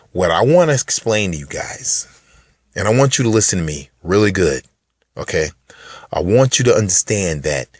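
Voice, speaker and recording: A man's voice: no room sound, studio quality. A man vlogging to camera in a rambling, profane monologue, full of restarts and fillers, dropping to mutters and rising into emphatic bursts. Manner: shifts between low mutters and raised, emphatic bursts. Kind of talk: unscripted ranting monologue to camera.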